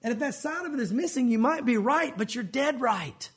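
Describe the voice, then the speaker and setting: High-voiced, husky male pastor preaching. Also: expressive, a little fast. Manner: earnest, emphatic preaching with rhetorical questions. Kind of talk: sermon. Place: church service.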